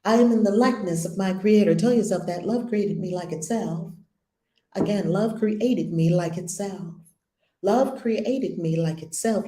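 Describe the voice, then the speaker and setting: A woman spiritual teacher leading a daily lesson, repeating affirmations with slow emphasis on each word. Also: medium pitch, warm tone, roomy sound.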